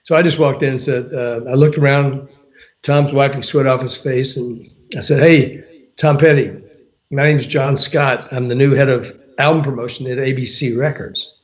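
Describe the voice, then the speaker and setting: With dull audio, an older author and former radio promo man speaks at normal speed in a medium-pitched voice, telling an interview story. Animated and full of fillers, he laughs often and quotes people in acted-out dialogue.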